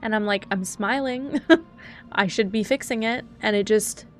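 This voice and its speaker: A woman's voice: mid-range voice, measured pace. A young woman streaming live and chatting casually, teary and sniffly from crying, rambling and flustered as she laughs at herself. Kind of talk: casual live-stream chat while gaming. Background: faint background music.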